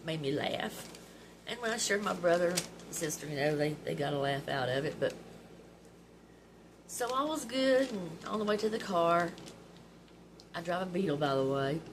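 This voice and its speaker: A middle-aged woman tells stories to her viewers with a lower, homey voice. She talks in a chatty, heartfelt way and sometimes laughs through tears. A steady background noise runs under her voice. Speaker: vlog host. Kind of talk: personal storytelling.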